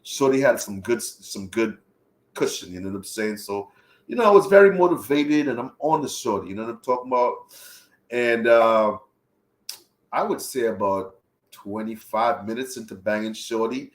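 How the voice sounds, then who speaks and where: A young man telling a travel story in casual, profane talk, acting out his own reactions as he goes. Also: medium pitch. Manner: profane, animated retelling with voiced reactions. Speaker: travel vlogger. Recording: roomy echo.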